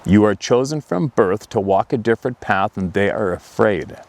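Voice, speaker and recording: A man voicing a gentle, protective hairy forest beast with a rough, stern voice in a spoken story. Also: on the low side, lively intonation, normal speed.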